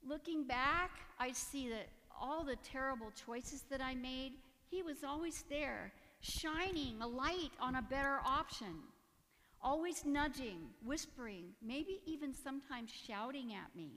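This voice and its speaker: A woman's voice: high-pitched, animated, a little slow, fairly bright tone, in a large hall. A woman giving a personal testimony in church, earnest and emotional, with nervous little laughs. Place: church sanctuary.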